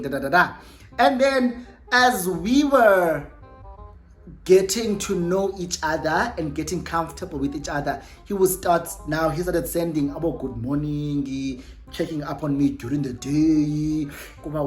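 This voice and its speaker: A woman's voice: low-pitched, lively intonation, unhurried, faint music behind. A young South African woman telling a casual storytime vlog, chatty and self-correcting, slipping in Xhosa words. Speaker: YouTuber.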